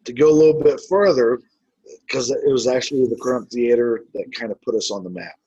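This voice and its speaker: A man's voice: mid-range voice, a little fast, dark tone, slightly rough, no room sound, dull audio. A man who investigates the paranormal, telling his stories in a casual, rambling way with many filler words. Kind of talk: casual storytelling.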